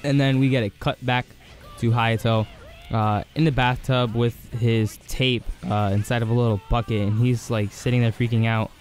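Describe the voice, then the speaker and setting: An enthusiastic man rambles through an anime episode recap, stacking fillers as he goes. His voice sits at an ordinary middle pitch. Soft music plays faintly in the background. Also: normal speed. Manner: rambling and excited, heavy on fillers. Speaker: anime reviewer.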